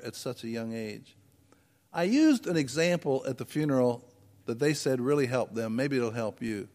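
Pastor guy preaching in a church, chatty, asks the crowd questions, big echoey hall. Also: mid-range voice. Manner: conversational preaching with rhetorical questions. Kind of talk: sermon. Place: church sanctuary.

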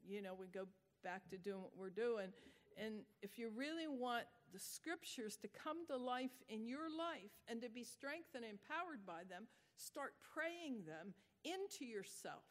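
A woman preaching a sermon, praying and telling a story in a gentle, prayerful way. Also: a little high. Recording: echoey hall.

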